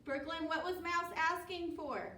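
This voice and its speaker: Woman teacher reading aloud to kids; slow, encouraging, quizzing pupils, distant mic with faint ambience. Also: very high-pitched, fairly even intonation, echoey room, noisy background. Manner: encouraging, asks pupils questions by name. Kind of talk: reading a picture book to children.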